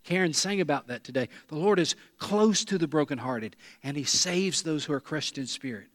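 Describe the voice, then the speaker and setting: A long reverb tail follows a pastor's higher-pitched, expressive and fairly bright voice as he preaches at a moderate pace in a church sanctuary. He leads call and response, earnestly and emphatically repeating key lines so the congregation answers back.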